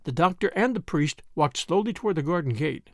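A man narrating a classic mystery story as an audiobook reader, expressive and lively. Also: a little high, a little fast, dry recording, clean studio sound.

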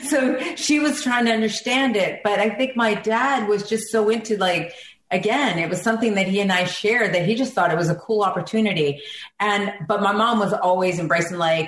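A woman's voice: mid-range voice, moderate pace, a bit bright. A middle-aged woman from South Carolina, a singer and ring announcer, reminiscing heartfelt and emotional as an interview guest. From South Carolina, USA. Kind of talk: conversational interview. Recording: echoey room, faint background noise.

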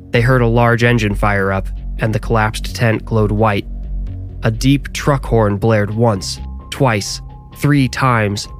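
A man reading a scripted horror story aloud, with measured, dramatic storytelling. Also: medium pitch.

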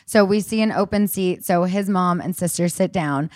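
A woman hosting a podcast, telling a story in lively casual chat and acting out what people said. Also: lowish voice, moderate pace, no room sound, clean studio sound. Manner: animated storyteller acting out quoted dialogue. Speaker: podcast host.

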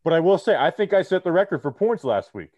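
A man co-hosting a casual sports podcast, talking in an animated, joking way, his voice muffled behind a face shield on a video call. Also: on the high side, fast talker, no room sound. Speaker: podcast co-host. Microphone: muffled behind a clear face shield.

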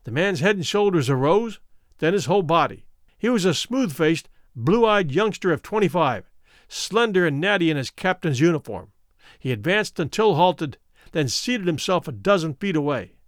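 A man narrating a classic adventure story in a dramatic, expressive reading. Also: a little high, moderate pace, no room sound, clean studio sound. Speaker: audiobook narrator.

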